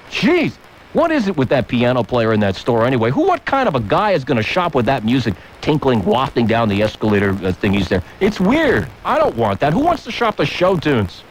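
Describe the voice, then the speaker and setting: A man hosting a talk radio show from a studio microphone, ranting with shouted mock outbursts. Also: medium pitch, wildly swooping pitch, brisk, soft background music, rough recording.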